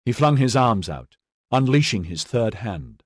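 A man reads a fantasy novel aloud with lively, swinging intonation and a husky grain. The recording is dry and close, with no room sound. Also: medium pitch, a little slow, no room sound. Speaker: audiobook narrator. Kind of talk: scripted narration.

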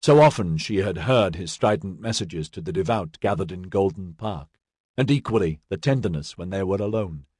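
Guy reading a story out loud, husky low voice that moves around a lot. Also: animated, normal speed, no echo, clean studio sound. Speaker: audiobook narrator. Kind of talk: scripted narration.

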